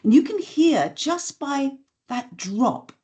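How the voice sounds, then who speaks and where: A woman, a voice and communication skills trainer, explaining communication habits in a podcast interview in a measured, instructive way. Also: sits high, sing-song, dark tone. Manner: measured, instructive, demonstrates intonation examples.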